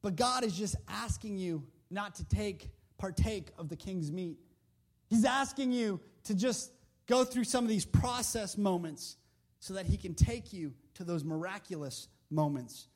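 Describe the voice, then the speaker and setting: A man's voice: sits high, unhurried. A man preaching a sermon in a conversational, emphatic way, full of rhetorical questions, into a handheld mic.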